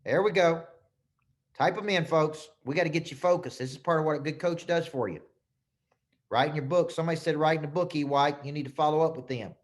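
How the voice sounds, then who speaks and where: A man's voice: fairly high pitch, fairly quick. A man, a business coach teaching a live webinar over a computer mic, getting worked up and repeating phrases for emphasis.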